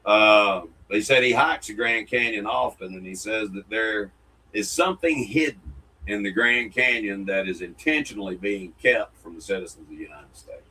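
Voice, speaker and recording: A man's voice: lowish voice, moderate pace, pushed and bright, a little hiss or hum, rough recording. A man, co-hosting a casual podcast and reading fan mail in a folksy, jokey way. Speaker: co-host.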